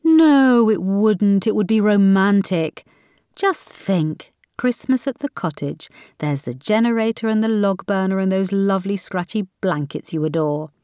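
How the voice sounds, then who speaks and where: Lady doing an eager wife, high and coaxy, dry close mic. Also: a little slow, clean tone, dry recording, close to an everyday voice. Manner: eager, pleading, bright-toned. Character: wife, eager and romantic, coaxing.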